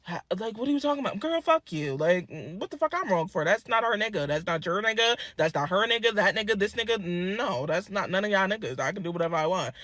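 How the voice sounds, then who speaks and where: A woman telling a story in a crude, animated way, swearing freely. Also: mid-range voice, fast talker, few pauses, dry recording. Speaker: vlogger. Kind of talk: casual storytelling.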